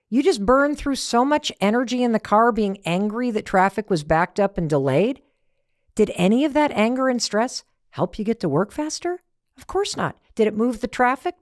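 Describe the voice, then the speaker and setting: Middle-aged woman giving a pep talk, lively, acts out little scenes, dry close sound. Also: medium pitch, no echo. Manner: animated, rhetorical questions, acts out little scenes. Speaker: podcast host. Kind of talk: motivational talk.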